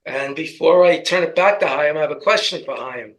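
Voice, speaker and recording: A man's voice: on the high side, fairly quick, low-quality recording. A man with a New York accent in casual political commentary, telling rambling stories with jokes. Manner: rambling joking storyteller.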